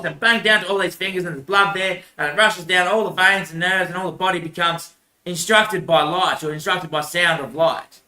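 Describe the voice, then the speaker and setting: A man's voice: high voice, pushed and bright, roomy sound. A man in a rambling monologue, repeating himself, swearing and laughing often.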